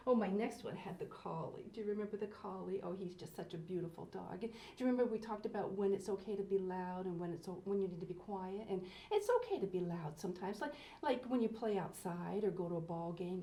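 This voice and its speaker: A woman's voice: mid-range voice, dark tone, roomy sound. Gushing woman hosting a children's show. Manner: gushing, exclaims often, speaks directly to young viewers. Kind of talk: children's TV presenting.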